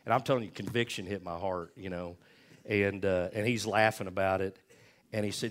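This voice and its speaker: A middle-aged pastor, telling a self-deprecating story in a folksy, animated sermon. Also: male voice, lowish voice, fairly quick, a little hiss or hum.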